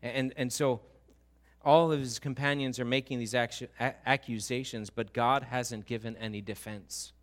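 A man's voice: medium pitch, fairly even intonation, normal speed. A male pastor giving a conversational, emphatic sermon and asking his listeners questions.

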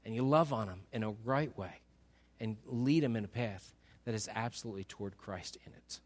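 A male pastor preaching a sermon, pleading with rhetorical questions that rise for emphasis and then drop soft. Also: lowish voice, moderate pace.

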